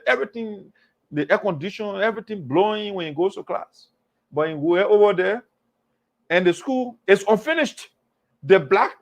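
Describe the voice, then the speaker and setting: High-voiced man mocking rivals. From Liberia. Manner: animated, mocking, repeats phrases for emphasis. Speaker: talk show host. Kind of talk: political commentary monologue.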